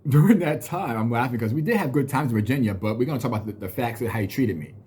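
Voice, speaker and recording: Quick and lively in intonation, a husky, darkish-toned vlogger in his thirties tells a personal story as a casual rant. He's blunt and swears freely, venting and mocking others by quoting them in silly voices, all at a medium pitch.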